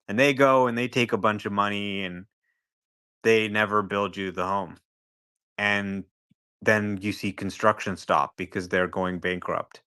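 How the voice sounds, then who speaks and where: A man speaking as a guest analyst in a casual podcast discussion, conversational and turning animated when he acts out a scenario. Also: fairly low pitch, a little slow, clean tone.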